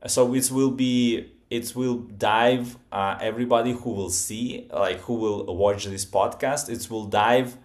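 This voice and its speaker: A man hosting a podcast interview, asking long questions in a halting way with many pauses and fillers. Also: mid-range voice, fairly even intonation. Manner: halting, with frequent "uh" fillers and restarts. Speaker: podcast host.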